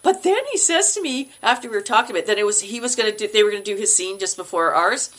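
A middle-aged woman from Canada, a guest telling stories in a casual interview, animated and quick to laugh, acting out the lines she quotes. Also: medium pitch. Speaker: podcast guest, actor.

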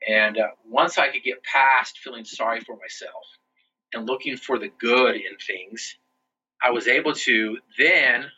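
A man in his forties, a podcast guest, telling his personal story in an earnest, motivational way and slowing down for emphasis. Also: mid-range voice, bright, forceful tone, slightly rough. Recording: distant, dull lo-fi sound.

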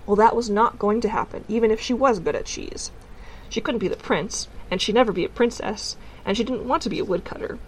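A woman narrating a storybook in a calm, gently wry telling. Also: medium pitch, slight background noise, poor audio. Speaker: audiobook narrator.

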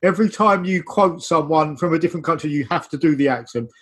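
An English man teases his co-hosts during a casual podcast and invents playful rules for them. His voice is high and husky. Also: fast talker, fairly bright tone. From England. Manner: playful, sets mock rules. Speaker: podcast co-host. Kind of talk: casual chat.

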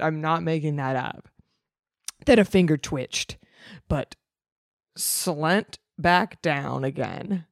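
A woman's voice: sits low, slow pace, vocal fry, pauses often, no room sound, clean studio sound. A young woman reading a story aloud and breaking off for wry, sarcastic, teasing comments. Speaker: reader.

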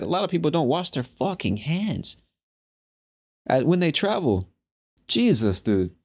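A young man hosting a casual solo podcast, talking in a profane, animated, slangy way. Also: fairly low pitch. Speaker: podcast host.

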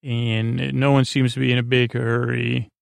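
Gravelly man rambling through a recap. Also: mid-range voice, level tone, moderate pace, no room sound. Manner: meandering, full of "uh" and "he goes". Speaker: podcast host retelling a TV episode. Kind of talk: rambling casual recap for sleep.

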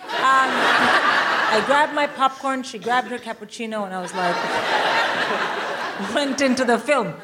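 Animated middle-aged woman telling a sweary story on stage. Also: on the high side, unhurried, pauses often. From India. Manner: animated, swearing, acts out quotes. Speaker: guest comedian. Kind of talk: live stand-up storytelling. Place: live theatre stage with audience. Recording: loud noise from live venue.

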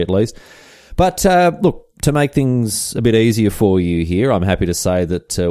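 A man's voice: fairly low pitch, mellow, dry recording, studio quality. A man hosting a comedic history podcast, telling the story with chatty, irreverent asides and casual swearing. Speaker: podcast host.

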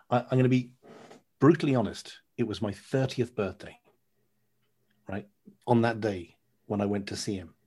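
A man's voice: on the low side, wildly swooping pitch, measured pace, long pauses, mellow, slightly rough. A man in his thirties telling a candid, sweary story as a podcast guest. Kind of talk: casual storytelling.

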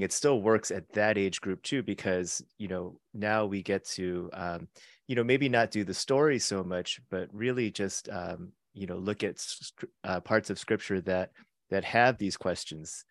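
A middle-aged man hosting the podcast, with a very low voice and a dry, close sound. He speaks thoughtfully and slowly works through his points. He fills them with ums and restarts. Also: dry recording. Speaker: podcast host and youth minister.

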